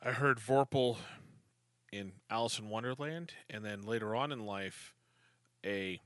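A man's voice: on the low side, a little slow, a bit bright, smooth, dry recording, clean studio sound. A man co-hosting a talk radio show, making nerdy, joking asides. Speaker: radio co-host. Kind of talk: casual radio banter.

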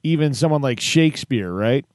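A man hosting a conversation, responding enthusiastically and thinking out loud with restarts. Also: medium pitch, animated, moderate pace, no room sound, studio quality. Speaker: host. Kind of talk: casual chat.

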